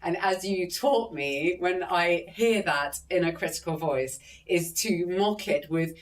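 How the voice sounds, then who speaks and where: A woman hosting an interview, upbeat and quick to laugh. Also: lowish voice. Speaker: host. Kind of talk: casual interview. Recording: voice from a distance to the mic.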